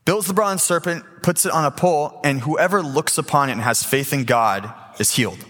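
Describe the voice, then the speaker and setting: An eighteen-year-old man giving a casual, animated sermon as a youth preacher, acting out voices as he tells the story. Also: a little high, moderate pace, hardly any pauses. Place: church sanctuary. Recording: reverberant church hall.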